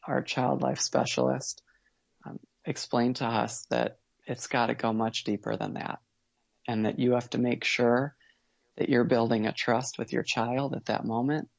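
A man shares his story as an interview guest, his voice gravelly with a bit of fry. He talks in an earnest, measured way, pausing and rephrasing as he reflects. The sound is dry and a little dull, like a modest lo-fi recording. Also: medium pitch, no room sound. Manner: earnest, measured, with pauses and restarts. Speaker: guest, father.

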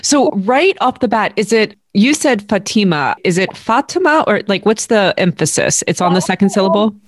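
A woman hosting a podcast, reading an introduction and then chatting with a guest, effusive and quick to laugh. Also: mid-range voice, no echo, clean studio sound. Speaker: podcast host. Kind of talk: scripted intro then casual interview.

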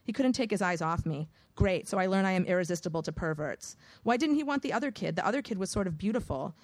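A woman reading a first-person audiobook in a measured, wry storytelling manner. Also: fairly low pitch, animated, dry recording. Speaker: audiobook narrator.

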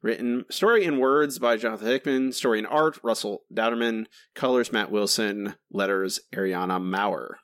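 A man co-hosting a casual comics podcast, talking quickly and joking with his co-host. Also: on the low side, fairly bright tone, no room sound. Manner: quick, joking, laughs often.

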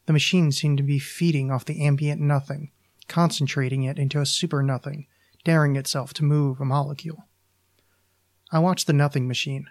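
A man, a podcast host, reading his own short story aloud in a deliberate, deadpan manner. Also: on the high side.

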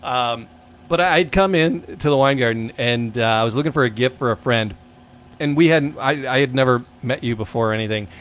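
Host, man, Midwestern accent, mid-pitched, lively storyteller, faint room noise. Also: a little fast. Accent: Midwestern American. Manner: animated storyteller, acts out quotes. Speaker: podcast host. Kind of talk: casual chat.

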